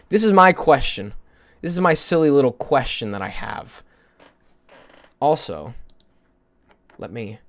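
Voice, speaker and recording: A male streamer chatting casually with his viewers, rambling, joking, swearing and poking fun at himself. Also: medium pitch. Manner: rambling, joking, profane, self-mocking.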